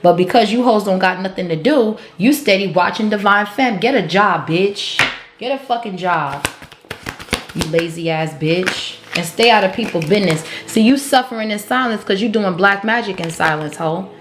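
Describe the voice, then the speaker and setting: Laughing frequently, a woman calls out cards in a collective tarot reading, blunt and foul-mouthed as she goes. Her voice is medium-pitched and expressive at a normal speed. Slight background noise, faint music, and a roomy echo fill the recording.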